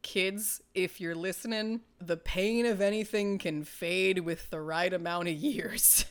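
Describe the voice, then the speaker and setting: A young woman on a podcast, telling a personal story in a casual, animated way and laughing as she goes. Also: lowish voice, a little slow. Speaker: podcast co-host.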